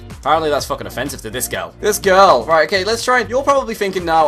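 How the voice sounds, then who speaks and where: A man's voice: fairly high pitch, quick pace, soft background music. A young British man in his twenties, telling a story to camera in a casual, profane, comedic way. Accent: British English. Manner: profane, animated, comedic exaggeration. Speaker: YouTuber.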